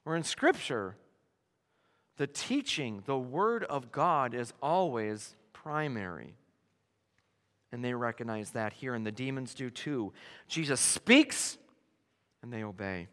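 A man preaching a sermon, emphatic and animated, dropping to hushed tones and then rising to loud declarations. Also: medium pitch, slow pace, long pauses. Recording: long hall reverb.

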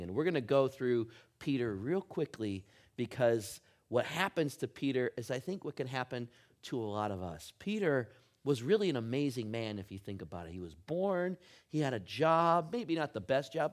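A middle-aged man preaching a sermon, telling a funny personal story with animated, humorous delivery. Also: mid-range voice. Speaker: pastor.

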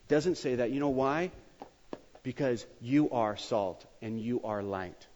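Animated preaching man in a reverberant church. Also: medium pitch, measured pace, a little hiss or hum. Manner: animated, joking, emphatic preaching. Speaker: pastor. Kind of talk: sermon. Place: church sanctuary. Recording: dull sound with long hall reverb.

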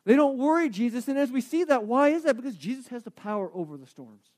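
A man preaching a sermon, asking the congregation questions and swinging between emphatic declarations and quiet reflection. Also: very high-pitched, lively intonation, fast.

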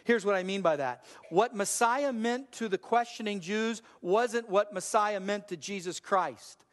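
An older male pastor delivers a sermon in an emphatic, repetitive cadence. His voice sits high for a man. The sound rings with a long hall reverb. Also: measured pace.

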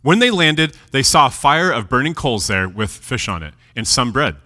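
A man preaching a sermon, reading scripture aloud and explaining it with animated delivery, dropping his voice low at key moments. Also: moderate pace. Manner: lively, animated preaching with dramatic drops in volume. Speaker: pastor. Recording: long hall reverb.

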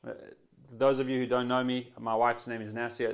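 A man preaching a sermon as pastor, earnest and conversational, often restarting phrases and swinging between loud and hushed emphasis. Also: medium pitch, flat delivery, a little fast. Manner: voice swells then drops to quiet emphasis.

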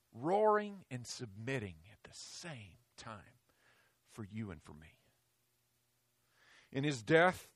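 Preacher, male, somewhat high voice, dry close sound; emphatic delivery that drops to hushed lows. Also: no room sound. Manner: emphatic, swinging from loud declarations to hushed low phrases. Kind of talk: sermon.

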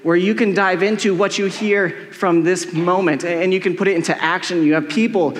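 Middle-aged male pastor, high voice, chatty and joking sermon, echoey hall. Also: fairly even intonation, brisk. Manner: casual, joking, heavy use of "like". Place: church hall with long reverb. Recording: echoey church hall with long reverb.

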